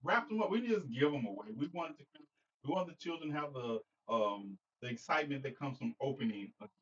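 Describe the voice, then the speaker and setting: A man's voice: medium pitch, animated, fast talker, fairly bright tone, far from the mic, slight background noise. A man hosting a casual livestream, joking and rambling as he talks to viewers by name. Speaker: livestream host. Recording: dull lo-fi sound, slightly off-mic.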